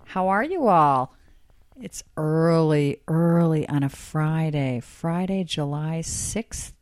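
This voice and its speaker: A woman's voice: low-pitched, warm tone, dry recording, clean studio sound. A woman hosting a church podcast, chatting in a folksy, rambling way with a morning voice. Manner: chatty, folksy, enthusiastic asides. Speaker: podcast host. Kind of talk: casual rambling podcast chat.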